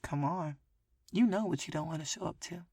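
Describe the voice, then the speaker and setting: A woman's voice: low voice, normal speed, slightly rough, no echo. Woman podcaster telling a story, laughs a lot, swears, dry close mic. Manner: animated, profane, laughs often, swings loud and soft. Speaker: podcast host. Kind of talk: casual storytelling monologue.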